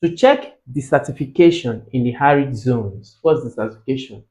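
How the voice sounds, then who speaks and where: A man with a Nigerian English accent tutoring exam English, slowly repeating words to drill their pronunciation. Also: medium pitch, darkish tone, low-quality recording. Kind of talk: tutorial explanation.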